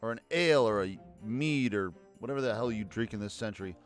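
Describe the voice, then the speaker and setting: A man's voice: on the low side, quick pace, few pauses, faint music behind. A man streaming a game, reading the story and making wry, joking asides as casual commentary. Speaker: let's play streamer.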